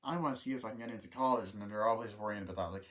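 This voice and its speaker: A young man giving a casual spoken film review, rambling, swearing often and acting out scenes in quick quoted voices. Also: lowish voice, a bit bright. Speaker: movie reviewer.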